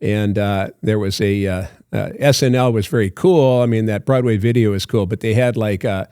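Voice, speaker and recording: An older man, a podcast guest, telling a long rambling story in a halting way with many fillers, acting out old phone calls. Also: lowish voice, warm tone, clean tone, dry recording, studio quality. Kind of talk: casual storytelling.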